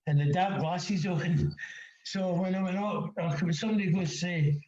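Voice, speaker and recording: A man telling lively anecdotes in casual chat, acting out the dialogue and laughing often. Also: high-pitched, unhurried. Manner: animated storyteller, acts out dialogue, laughs often. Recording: dull, echoey sound.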